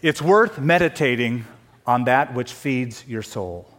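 A man's voice: medium pitch, expressive, slow pace, a bit bright. A male pastor preaching a sermon, earnest and practical, breaking into emphatic bursts and light jokes. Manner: earnest, with joking asides and sudden emphatic bursts.

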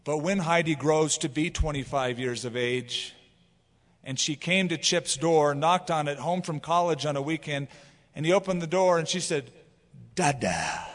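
A man's voice: high voice, big-room sound. A man preaching a sermon as pastor, telling stories and acting out quotes as he goes. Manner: animated storytelling with acted quotes.

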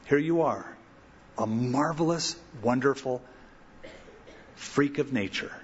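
A middle-aged man, a pastor, giving an animated verse-by-verse sermon with emphatic pauses, then leading a prayer. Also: medium pitch, breathy edge. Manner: animated, emphatic preaching with dramatic pauses and asides. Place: large church sanctuary. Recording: dull lo-fi recording with long hall reverb.

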